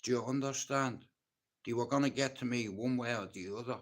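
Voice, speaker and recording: A man's voice: mid-range voice, a little fast. A man with a Dublin Irish accent telling his own story on a livestream, blunt and intense, swearing often. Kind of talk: casual storytelling monologue.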